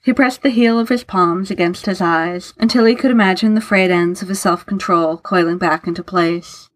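A woman narrating fiction aloud in an unhurried, even storytelling manner. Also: on the low side.

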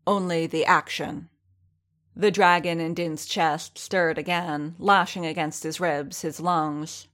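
A woman narrating fan fiction in a steady, measured way. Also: low voice.

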